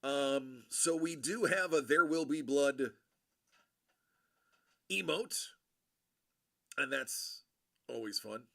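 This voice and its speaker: A man hosting a livestream, chatting casually with viewers in a rambling, friendly way full of fillers and shout-outs. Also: mid-range voice, takes it slowly, creaky, long pauses. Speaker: livestream host.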